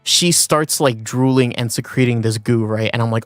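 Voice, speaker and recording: A man's voice: mid-range voice, normal speed, fairly bright tone, no room sound, clean studio sound, soft background music. Rambling male streamer telling a story. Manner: rambling storytelling with many fillers. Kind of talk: casual chat.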